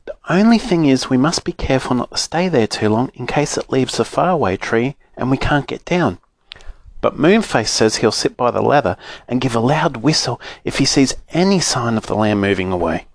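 A gentle, reassuring fairy girl, as a man reading a storybook puts her on. The voice lilts lightly over a dry, close recording. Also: medium pitch, lively intonation, moderate pace, no echo.

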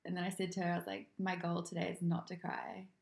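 A woman's voice: on the low side, big pitch swings, fast talker, creaky. A young woman co-hosting a podcast, chatting in a giggly way with lots of "like". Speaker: podcast co-host. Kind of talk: casual chat. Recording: roomy echo.

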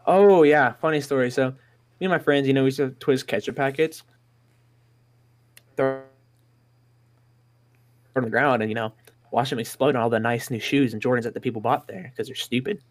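A man in casual conversation tells crude school prank stories. He swears nearly every line and jumps up in excitement when he hits the punchlines. His voice sits at an ordinary middle pitch. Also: moderate pace, long pauses. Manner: profane, rowdy, excitable anecdotes. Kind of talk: casual storytelling chat.

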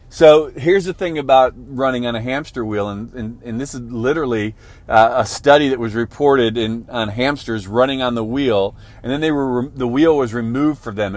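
A man giving a motivational talk in a conversational way, often checking in with "right?" and restarting his phrases. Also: mid-range voice. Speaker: motivational speaker.

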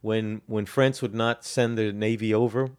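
A man with a fairly low voice co-hosts a history podcast, walking through events in a relaxed, conversational way. He rambles a little, filling pauses with ums and restarting his sentences as he goes. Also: smooth. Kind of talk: casual explanatory history chat.

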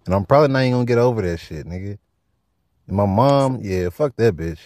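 A man's voice: fairly low pitch, lively intonation, quick pace, darkish tone, no echo, studio quality, natural voice. A man in a comedy sketch, talking bluntly and crudely. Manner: blunt, profane.

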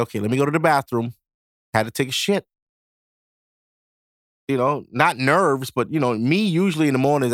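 A young man hosting a podcast, telling a story in a casual, animated way, swearing and laughing as he goes. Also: fairly low pitch, no echo, clean studio sound. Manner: animated, profane, laughing while he tells it. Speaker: podcast host.

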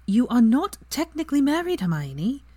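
A woman's voice: a little high, sing-song, normal speed, dark tone, no echo, voice pushed up. A woman voicing a composed, knowing young witch. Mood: explaining.

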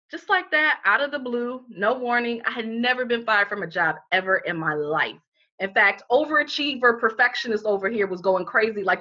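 A bright, forceful, medium-pitched voice belongs to a middle-aged woman who founded a healing center and appears as an interview guest. Candid and emphatic, she tells her life story with frequent "you know" fillers, captured on a dull lo-fi recording.

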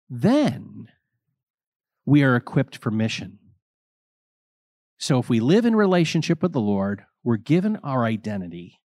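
A middle-aged priest preaching a homily at an unhurried, deliberate pace. His voice sits at an ordinary pitch, and he tells personal stories in a thoughtful, reflective way. The sound is close and dry, with no room echo. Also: darkish tone. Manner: slow, reflective, personal storytelling.

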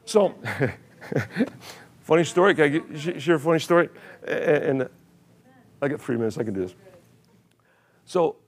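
A man's voice: a little high, lively intonation, a little slow, pauses often. Older male pastor, chuckling storyteller. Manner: storytelling, chuckling, repeating words. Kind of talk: sermon. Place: church.

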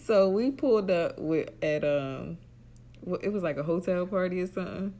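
Animated, quick-talking woman co-host. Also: fairly low pitch. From Atlantic City, US. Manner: animated storyteller, quick bursts and frequent laughter. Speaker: podcast co-host. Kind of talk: casual chat.

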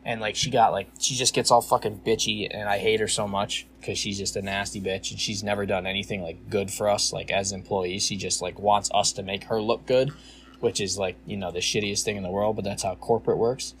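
A man's voice: lowish voice, little pitch movement, a little fast, slight background noise. A young man co-hosting a podcast, venting in a rambling casual chat full of fillers and frequent swearing. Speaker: podcast co-host.

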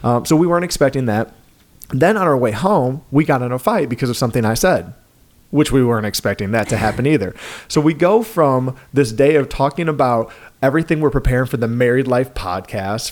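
A middle-aged man with a New York accent, co-hosting a marriage podcast in a casual, joking storytelling way. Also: medium pitch. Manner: storytelling, joking, animated asides. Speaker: podcast co-host. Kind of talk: casual chat.

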